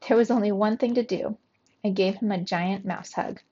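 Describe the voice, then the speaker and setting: A woman teacher reading a storybook aloud to young students, with expressive, animated delivery. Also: mid-range voice, normal speed, slightly rough, lo-fi sound.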